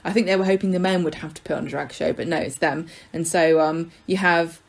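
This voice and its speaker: A woman's voice: fairly low pitch, fairly even intonation, a little fast. A woman co-hosting a podcast, chatty and wry as she recounts episodes. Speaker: podcast co-host. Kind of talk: casual chat.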